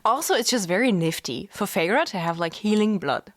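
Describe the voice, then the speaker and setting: A woman's voice: mid-range voice, expressive, normal speed. A young woman co-hosting a casual book podcast, retelling scenes animatedly with acted-out quotes. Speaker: podcast co-host. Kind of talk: casual chat.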